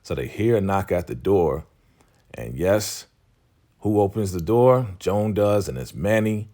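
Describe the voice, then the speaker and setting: A man with a low, deep voice recaps a TV episode in a loose, slangy way. He keeps slipping into the characters' lines as he talks. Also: animated, a little slow, mellow. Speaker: TV recap YouTuber.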